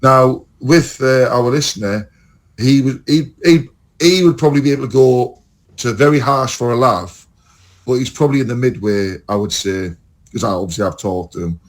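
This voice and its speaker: A man's voice: medium pitch, moderate pace. An English man co-hosting a podcast in casual chat, rambling and swearing as he tells stories. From England. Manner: swearing, rambling, animated storytelling. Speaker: podcast co-host.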